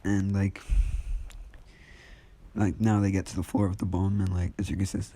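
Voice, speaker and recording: A man's voice: deep voice, flat delivery, normal speed, long pauses, warm tone. A man telling a fan story in a casual, rambling way, packed with fillers. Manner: rambling, heavy use of fillers.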